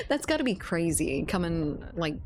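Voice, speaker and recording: A woman's voice: lowish voice, very animated, measured pace, slight background noise. A woman streamer chatting casually with her viewers, swearing freely and laughing often.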